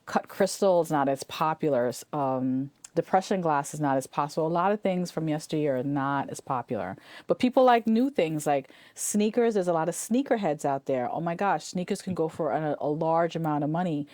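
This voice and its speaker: A chatty, animated woman with a lowish voice talks as an interview guest. She laughs easily and trips over her own restarts. The sound is close and dry. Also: normal speed, no room sound. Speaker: estate sale owner and real estate agent, guest. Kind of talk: casual interview chat.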